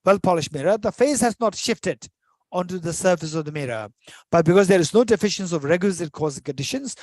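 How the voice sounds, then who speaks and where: A man with a somewhat high, slightly mellow voice gives a dharma talk on Buddhist philosophy in English, with no echo. As he explains, he repeats phrases and restarts his sentences.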